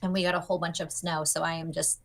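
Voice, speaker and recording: A woman's voice: sits low, little pitch movement, quick pace. Upbeat young woman, guest designer on a video call, chatty teaching tone. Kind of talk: demonstrating a pattern on a livestream.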